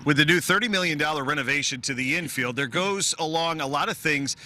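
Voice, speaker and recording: A man's voice: on the high side, quick pace, bright, forceful tone. A man hosting a local TV racing preview, with polished presenter delivery. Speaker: TV sports host. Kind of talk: broadcast interview and narration.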